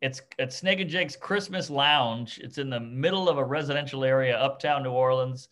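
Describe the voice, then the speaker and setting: A man hosting a casual chat over drinks, enthusiastic and quick with crude jokes. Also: medium pitch, a bit bright. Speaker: comedian host.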